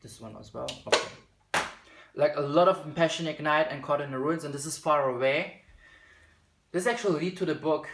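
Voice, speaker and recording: A man's voice: on the high side, moderate pace, long pauses, reverberant, very noisy. A man giving a spiritual card reading, talking casually and at times slipping into a British accent. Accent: slips into a British accent at times. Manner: chatty, slips into reading card text aloud. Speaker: tarot reader.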